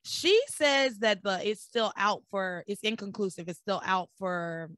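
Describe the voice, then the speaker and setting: A hoarse woman who is losing her voice, so it sounds deeper than usual, hosting a podcast and recapping a soap opera in animated, joking chat. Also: unhurried, no room sound. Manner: animated, joking, laughs often. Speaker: podcast host.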